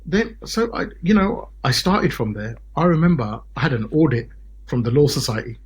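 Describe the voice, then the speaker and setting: A man in his forties from Britain, a solicitor telling his story as a podcast guest in an animated way, often checking in with "yeah?" and "right?". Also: medium pitch, moderate pace, husky. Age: 40s. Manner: animated, peppered with tag questions like "yeah?" and "right?". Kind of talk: casual podcast interview storytelling.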